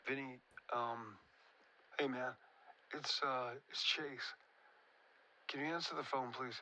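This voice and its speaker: A man's voice: mid-range voice, steady tone, slow, sharp tone, full character voice, low-quality recording. An actor playing an anxious young man who urgently pleads with a friend to answer the phone, in a video game. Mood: worried. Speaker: game character.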